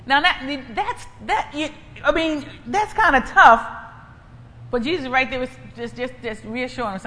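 A woman's voice: sits high, moderate pace, sharp tone. A woman preaching and giving a personal testimony in an emphatic, repetitive, conversational way. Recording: echoey hall, faint ambient noise.

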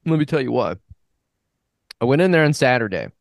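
Man, podcast co-host, allergy-fogged, joking, rambling, mid pitch, dry sound. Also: very animated, brisk, creaky, no echo. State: brain fog from allergies. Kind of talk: casual chat.

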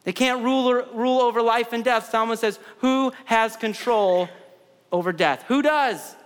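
A man's voice: extremely high pitch, moderate pace, smooth, long reverb tail. A man in his thirties preaching a sermon in a conversational way, repeating words and adding side stories. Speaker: pastor.

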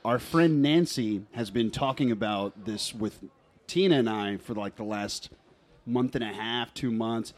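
A man co-hosting a casual podcast chat, joking and rambling in an animated way. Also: fairly low pitch, unhurried. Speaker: podcast co-host.

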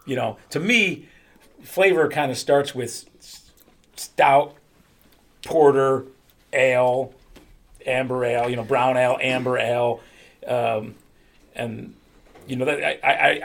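Brief: gravelly-voiced man, casual host, meandering thoughts. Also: medium pitch, steady tone, measured pace, long pauses, a bit bright. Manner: rambling, restarts his thoughts. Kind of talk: casual chat.

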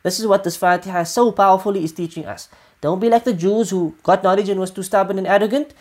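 A woman's voice: mid-range voice, fast talker, a little mellow. A woman teaching an Islamic study lesson, repeating her points with emphasis and often checking in with "right?". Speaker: religious teacher.

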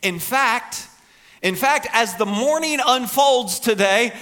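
Male pastor, very high bright voice, lively conversational sermon delivery. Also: takes it slowly. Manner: animated, conversational preaching with quoted asides.

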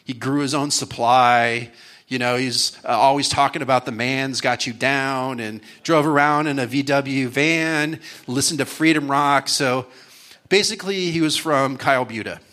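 A man's voice: medium pitch, moderate pace, sharp tone. A man speaking at a conference, casually and jokily retelling a Bible story, with many fillers. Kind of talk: storytelling sermon.

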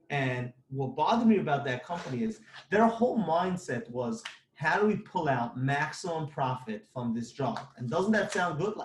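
A man's voice: fairly high pitch, darkish tone, reverberant, a little hiss or hum. A man who runs a construction company giving blunt, emphatic business advice, repeating his points.

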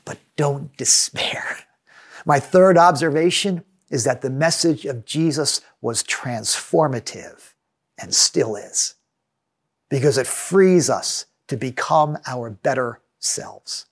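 A man preaching a sermon as a pastor, measured and earnest, reading passages aloud. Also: medium pitch, lively intonation.

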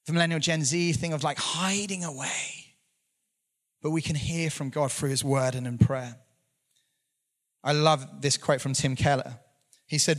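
A man's voice: mid-range voice, a bit bright. A man, preaching a conversational sermon with earnest storytelling and some self-deprecating humor.

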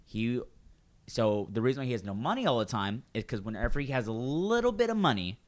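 Picture a man at a middle pitch spinning a long story between friends, jumping into other people's voices as he goes. He swears freely and keeps the telling loose and animated. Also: a little fast. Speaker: storyteller in a casual chat. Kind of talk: casual chat.

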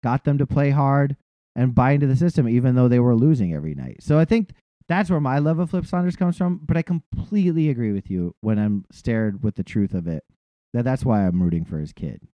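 A man's voice: medium pitch, lively intonation, a little fast, warm tone, no room sound, lo-fi sound. A man from the Boston area co-hosting a sports podcast, ranting with lots of swearing and laughing through his words. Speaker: podcast co-host. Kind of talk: casual sports chat.

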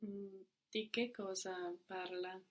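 Slow, careful female student. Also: medium pitch, flat delivery. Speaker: language student. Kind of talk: answering drills in a lesson.

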